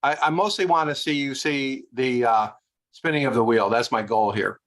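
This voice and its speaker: A man presenting, calmly explaining a video clip to his audience in a relaxed, informal way with frequent "uh" fillers. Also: mid-range voice, moderate pace, rough recording.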